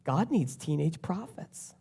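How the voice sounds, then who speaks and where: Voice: mid-range voice, big pitch swings, measured pace, gravelly, mellow, slightly rough. Earnest preacher repeating key phrases. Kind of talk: sermon.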